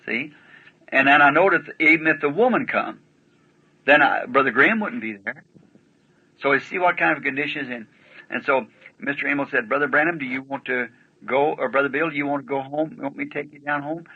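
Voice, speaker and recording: Folksy preacher on old muffled tape. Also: male voice, mid-range voice, a little fast, husky. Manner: folksy rural speech, emphatic asides. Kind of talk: sermon storytelling.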